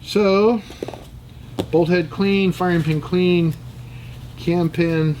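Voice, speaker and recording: A high-pitched American man with a darkish tone speaks very slowly and with fairly even intonation. Hosting his channel, he casually chats while he strips down and cleans a gun, thinking aloud, muttering, and joking on tangents. The low-quality recording carries slight background noise.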